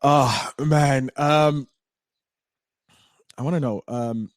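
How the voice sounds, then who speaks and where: A man hosting a podcast interview, energetic and agreeable, often stumbling and restarting before pushing his point. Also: medium pitch, drawn-out words, no echo, clean studio sound. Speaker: podcast host.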